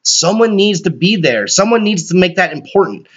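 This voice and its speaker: A man hosting a solo podcast, rambling excitably and swearing often. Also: high voice, moderate pace, husky. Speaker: podcast host. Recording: dull lo-fi recording.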